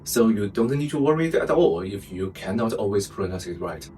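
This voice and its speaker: Man teaching, low voice. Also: lively intonation, dark tone. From China. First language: Mandarin Chinese. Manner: clear, patient, repeats examples slowly. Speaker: Mandarin teacher. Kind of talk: friendly language lesson. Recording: distant mic with faint background noise.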